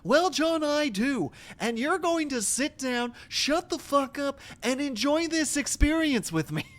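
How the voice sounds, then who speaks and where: A woman's voice: high-pitched, lively intonation, a little slow. A woman voicing a bossy, pushy male tourist named John in a comedy skit, speaking in stiff formal banter. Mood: exasperated. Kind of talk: comedy skit role-play.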